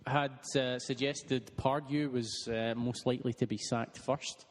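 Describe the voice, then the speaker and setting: A man's voice: mid-range voice, fairly even intonation, a little slow, long reverb tail, faint music behind. A man in a podcast's casual sports banter, needling and arguing a point. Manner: needling and argumentative. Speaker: podcast regular.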